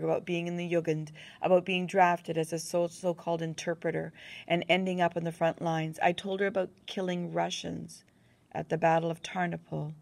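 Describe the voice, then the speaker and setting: A woman reading a first-person novel aloud as an audiobook narrator, in a measured, even storytelling manner. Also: lowish voice, gravelly, dry recording.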